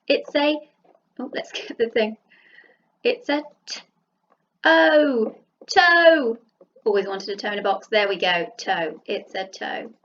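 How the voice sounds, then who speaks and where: A woman with a Southern English accent teaching a phonics lesson to young children, sounding out letters slowly and praising them. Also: medium pitch, lively intonation, dull audio. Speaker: primary school teacher. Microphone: computer mic while writing with a mouse.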